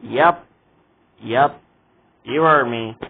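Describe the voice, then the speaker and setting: A man's voice: mid-range voice, very slow, creaky, slightly rough. A man in a casual vlog rant, exasperated and indignant as he complains about a show. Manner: exasperated, indignant ranting with repeated asides. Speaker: vlogger reviewing a show. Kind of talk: casual ranting commentary. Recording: tinny phone-like audio.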